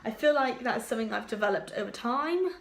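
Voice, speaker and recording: A woman's voice: fairly high pitch, lively intonation, fairly quick. A young woman chatting casually to camera as a vlogger, giggly and full of fillers.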